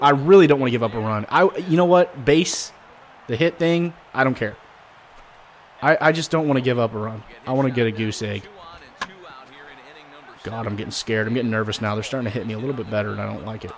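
A man commentating his own baseball video game play casually, joking and swinging from low muttering to sudden loud outbursts. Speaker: gaming commentator.

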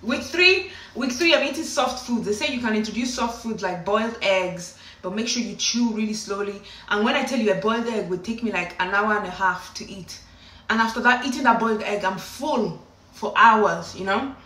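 A woman telling a story casually to camera in an animated way, often slipping into acted voices. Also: medium pitch, moderate pace. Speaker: vlogger. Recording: echoey room, distant from the mic.

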